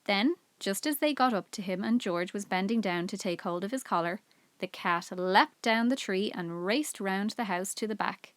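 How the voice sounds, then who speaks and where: A woman's voice: medium pitch, normal speed, dry recording. Woman reading a children's story aloud. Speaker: teacher.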